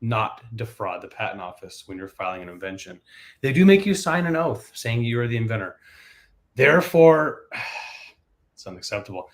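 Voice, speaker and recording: A man hosting a live legal Q&A show, who reads viewer questions aloud and answers them with jokes. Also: medium pitch. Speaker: patent attorney host.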